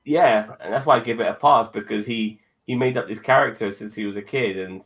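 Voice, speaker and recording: A British man co-hosting a casual chat, emphatic and quick with asides, swearing freely. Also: fairly low pitch, a bit bright. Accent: British English. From Britain. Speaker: podcast co-host.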